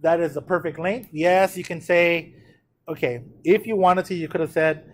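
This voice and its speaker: A fairly high-voiced man teaching a math lesson in a classroom. He talks in a chatty, informal way, keeps asking the students if they're okay, and slows right down whenever he reads out numbers. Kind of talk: classroom lecture on trig notes.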